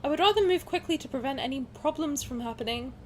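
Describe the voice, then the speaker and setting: A young woman streaming a game, chatting casually with viewers, swearing, getting excited, with a sore throat. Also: high-pitched, quick pace, slight background noise.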